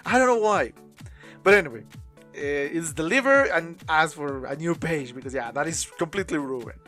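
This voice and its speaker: A woman's voice: low-pitched, lively intonation, moderate pace, a bit bright, soft background music. A woman hosting an anime reaction, talking casually in non-native English and often breaking into laughter.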